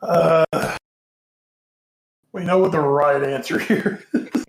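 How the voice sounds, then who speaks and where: A man's voice: fairly high pitch, steady tone, slow, creaky. A tired man co-hosting a casual sports podcast, rambling with lots of ums and casual swearing. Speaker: co-host. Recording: echoey room.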